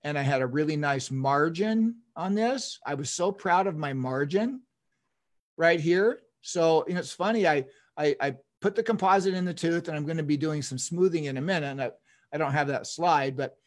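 A man's voice: a little high, normal speed. A man in his fifties, a dentist giving an online lecture, telling stories enthusiastically with chuckles and restarts.

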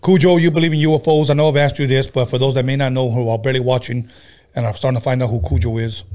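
A man's voice: medium pitch, fairly even intonation, racing, mellow. A man hosting a casual chat show, loose and profane, telling stories with many stumbles and restarts. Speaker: podcast host.

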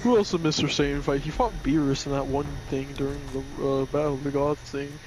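A man's voice: on the high side, fast talker. A man chatting casually with friends, rambling and joking. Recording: noisy amateur recording.

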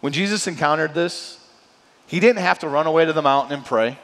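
A male pastor preaching a sermon in a lively, conversational way, often checking in with "right?". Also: a little high, fairly quick. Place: church sanctuary. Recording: long church hall reverb.

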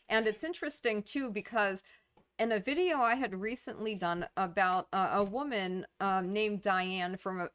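A woman's voice: medium pitch, a bit bright. A woman casually explaining a topic to camera in a conversational way, with fillers, restarts and small laughs. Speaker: YouTube commentator on narcissism.

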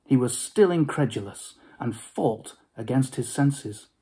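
A man giving a dramatic storybook reading, expressive and dropping to hushed whispers for suspense. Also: mid-range voice, a little slow, breathy edge.

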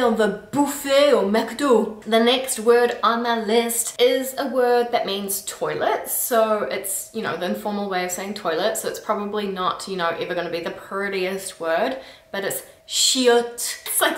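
A woman hosting a casual explainer video, playful and quick to laugh and groan in disgust. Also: medium pitch, a bit bright, distant mic. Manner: playful, laughs often, groans at gross words. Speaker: language video host. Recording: roomy echo, a little off-mic.

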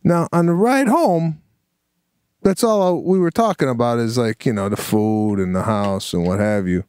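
A man's voice: medium pitch, expressive, darkish tone, clear, resonant tone, no room sound. A man's voice swings up and down as he tells a story, pressing his points and checking in with "right?" He sits close to the mic in a dry, dead room. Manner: emphatic, drawn-out storytelling with frequent "right?". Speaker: podcast co-host. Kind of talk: casual chat.

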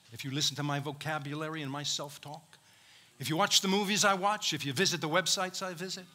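A man's voice: fairly high pitch, sharp tone. Male preacher, fervent sermon delivery, brilliant ringing tone. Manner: emphatic preaching, dramatic quoted speech, calls to the congregation. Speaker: pastor.

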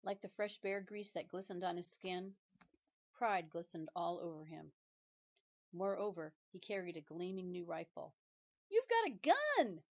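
A woman teacher reads a children's novel aloud with steady, measured and clear narration. Her voice sits on the lower side, and the recording sounds dull and lo-fi.

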